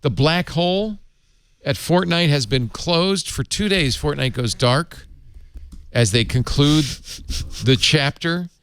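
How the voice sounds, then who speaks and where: A man's voice: fairly high pitch, animated, takes it slowly, fairly bright tone, smooth. A man hosting a casual tech panel chat, joking and rattling through news items. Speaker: host.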